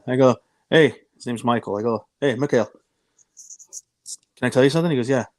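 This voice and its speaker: A man in his thirties tells stories on a podcast, with jokes and quick put-on voices for the people in them. His voice sits at a middle pitch. The sound is dry and close to the mic. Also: no echo. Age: 30s. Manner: joking, animated, acts out voices in anecdotes. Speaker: podcast co-host. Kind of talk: casual storytelling chat.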